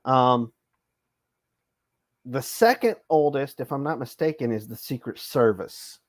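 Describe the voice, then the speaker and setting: A man from the American South hosting a casual livestream chat. He talks in a relaxed way, with many pauses and fillers. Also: medium pitch, no room sound. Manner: relaxed, chatty, lots of ums. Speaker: host.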